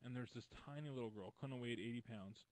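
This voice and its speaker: Man, comedy show co-host, casual storytelling, blunt, profane, mid-pitched voice. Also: quick pace, a little mellow, no echo, poor audio.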